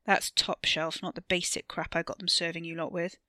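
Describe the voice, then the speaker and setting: A woman's voice: on the low side, level tone, brisk, bright, forceful tone, no echo, studio quality. A woman doing a brash, cocky young man who swears a lot. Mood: smug. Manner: crude, cocky, swearing often. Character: brash, swaggering young male club host.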